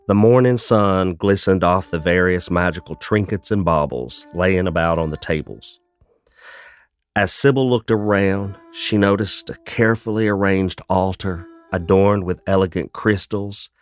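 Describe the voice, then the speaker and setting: A man narrating a fantasy story in a calm, measured, descriptive way. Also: low-pitched.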